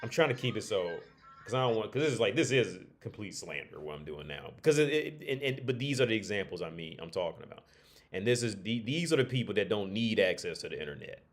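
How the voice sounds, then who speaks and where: Lively low-voiced man ranting on stream. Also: fast, soft background music. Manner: rambling, blunt and profane, with frequent restarts. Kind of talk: casual livestream rant.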